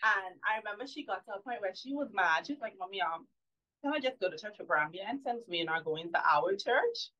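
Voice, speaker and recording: Woman on a podcast telling her story, candid, goes soft and quiet a lot, kinda muffled lo-fi sound. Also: lively intonation, fairly quick. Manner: candid, often drops to a soft, low voice when recalling things. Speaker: podcast guest. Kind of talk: casual storytelling conversation. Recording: slightly dull lo-fi sound.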